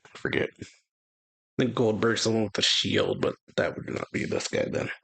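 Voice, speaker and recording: A man's voice: fairly low pitch, fairly even intonation, normal speed, vocal fry, fairly bright tone, slightly rough, dry recording. A man hosting a reaction video, casually retelling a comic chapter, rambling and correcting himself. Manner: rambling, with self-corrections and laughter.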